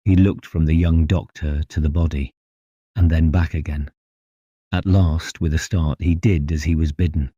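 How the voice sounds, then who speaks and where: A man narrating a classic horror story in a slow, grave, deliberate way. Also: low voice, dark tone, no echo. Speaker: audiobook narrator.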